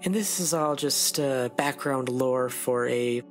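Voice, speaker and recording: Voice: mid-range voice, slow pace, soft background music. An animator giving casual advice to viewers in a voice-over, sarcastic and rambling, with frequent asides. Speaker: animator and video creator.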